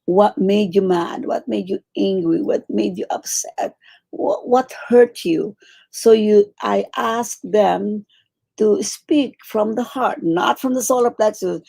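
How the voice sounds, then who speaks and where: A woman teaching a meditation class, coaching her students gently and repeating phrases for emphasis. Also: mid-range voice, slow pace, vocal fry, husky. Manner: warm coaching, repeats phrases, acts out quoted pleas.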